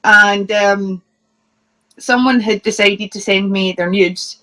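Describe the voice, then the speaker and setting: A woman's voice: mid-range voice, fairly even intonation, takes it slowly, sharp tone. A Scottish woman, a professional wrestler, chatting as an interview guest and telling funny stories with plenty of laughs. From Scotland. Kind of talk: casual anecdote telling.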